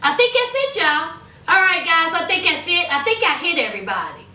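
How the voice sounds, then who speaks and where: A woman's voice: very high-pitched, very animated, fairly quick, pushed and bright, a little hiss or hum. A woman giving a sassy, blunt casual recap of a reality show episode, recorded in an echoey room with the mic at a distance.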